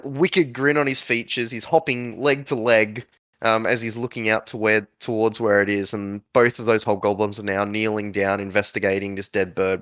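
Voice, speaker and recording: A man's voice: lowish voice, fairly even intonation, moderate pace, a bit bright, dry recording, dull audio. A man narrating a tabletop game as game master, improvising with many fillers.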